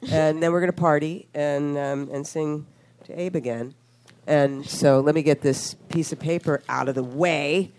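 A woman's voice: deep voice, steady tone, moderate pace, hardly any pauses, a little mellow. Woman, radio host, sex therapist, bubbly, teasing, casual chat.

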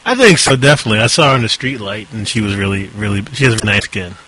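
A man, a photographer and guest in a casual chat, earnest and a bit halting. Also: lowish voice, animated, sharp tone, husky, low-quality recording.

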